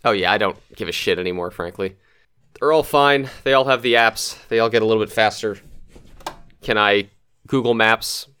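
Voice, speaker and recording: A man's voice: fairly low pitch, moderate pace, sharp tone, clean tone. A middle-aged man hosting a casual podcast chat, blunt and swearing freely. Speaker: podcast host.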